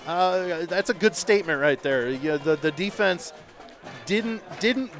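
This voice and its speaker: Higher-voiced man calling high school football. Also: a little slow, faint music behind. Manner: conversational, rising excitement on big plays. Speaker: play-by-play announcer. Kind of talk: local radio football commentary. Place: outdoor stadium broadcast booth.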